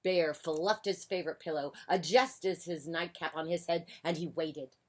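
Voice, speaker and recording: A woman reading a children's picture book aloud on a porch, animated and playful. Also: low-pitched, normal speed. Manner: animated, playful, drops to a hush for quiet moments. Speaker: children's story reader. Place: outdoor porch.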